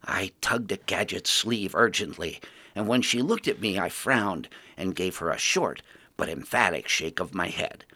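A man narrating a fantasy story as a storyteller, with lively, expressive narration. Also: low-pitched, a little slow.

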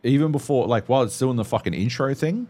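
A man's voice: mid-range voice, fast, darkish tone. A man, co-hosting a podcast, telling stories in a profane, rambling, casual way. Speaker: podcast co-host. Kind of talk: casual chat.

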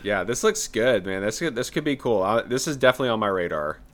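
A man's voice: lowish voice, lively intonation, fast talker. A young adult man co-hosting a podcast, introducing trailers in a casual, laid-back way. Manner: laid-back, says "man" and "yeah" a lot. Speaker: podcast co-host presenting trailers. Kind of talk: casual chat.

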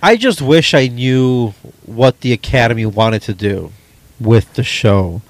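A man's voice: medium pitch, lively intonation, unhurried, no echo. Hesitant man chatting, dry sound. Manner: hesitant, many ums and restarts. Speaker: podcast co-host. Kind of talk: casual chat about movies.

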